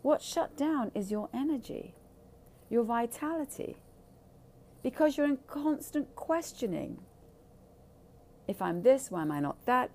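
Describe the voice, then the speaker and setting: A woman's voice: a little high, animated, a little slow, vocal fry, mellow. A woman speaking candidly in a blunt, profane and emphatic way. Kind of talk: candid casual talk.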